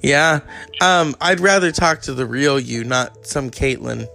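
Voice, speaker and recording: A man's voice: medium pitch, vocal fry, bright, forceful tone. A man hosting a crude comedy podcast, teasing his guest with faint music behind. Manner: crude, teasing, fast-cutting. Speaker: podcast host.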